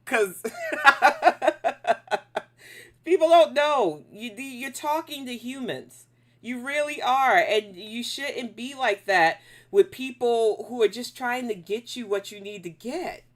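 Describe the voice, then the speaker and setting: A woman's voice: a little high, lively intonation, takes it slowly. A woman hosting a casual live stream, reacting to videos and bluntly scolding trolls in her chat.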